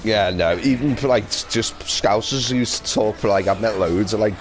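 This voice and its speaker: A man's voice: lowish voice, moderate pace. A young man with a Merseyside accent chatting and joking while streaming a game, laughing and swearing in easy banter. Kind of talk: casual chat while gaming.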